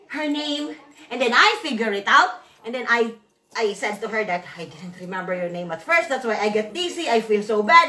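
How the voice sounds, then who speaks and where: Woman vlogger, high bright voice, rambling storyteller who repeats her words, recorded from a distance in an echoey room. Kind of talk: casual storytelling to viewers.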